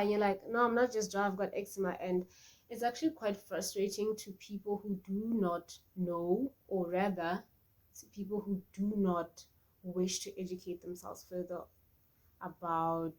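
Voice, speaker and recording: A young woman chatting casually in a vlog, animated and talkative, acting out little quoted exchanges. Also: mid-range voice. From South Africa. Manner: chatty, animated, acts out quoted voices, laughs often. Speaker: beauty vlogger.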